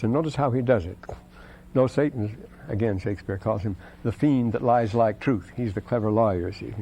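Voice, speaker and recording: Mellow-voiced man giving a rambling lecture. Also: fairly low pitch, moderate pace, husky, low-quality recording. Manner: digressive, with many asides of "you see"; reads quoted verses aloud with rising emphasis. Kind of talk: scripture lecture.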